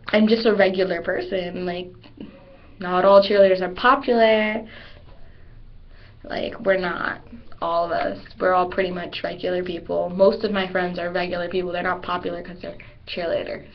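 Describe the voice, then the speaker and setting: A teenage girl vlogging from her webcam, her speech rambling and looping back on itself as she acts out the people she is quoting. Her voice sits at an ordinary pitch for a woman. The audio is dull and lo-fi, as from a cheap built-in webcam mic. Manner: rambling, repeats herself, acts out quoted people. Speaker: cheerleader. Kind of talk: casual webcam vlog.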